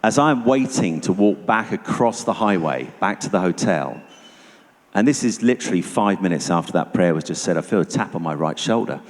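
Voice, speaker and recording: A man giving a personal testimony to an audience as a guest speaker, telling it vividly and going hushed at tense moments. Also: low-pitched, lively intonation, a little fast. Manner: vivid storytelling, dropping to hushed tones for tension. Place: church hall. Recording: long reverb of a church hall.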